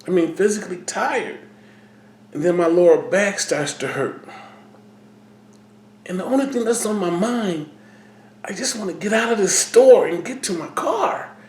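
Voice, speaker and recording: A man talking slowly and haltingly about his feelings, often repeating words and trailing off. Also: sits high, expressive, roomy sound. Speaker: vlogger. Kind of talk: personal talk to camera.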